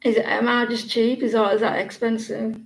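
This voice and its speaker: Gravelly British woman chatting to viewers. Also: on the high side, little pitch movement, a little fast, a little hiss or hum, rough recording. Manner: chatty, rambling, many fillers and restarts. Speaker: tarot livestream host. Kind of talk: casual livestream chat with viewers.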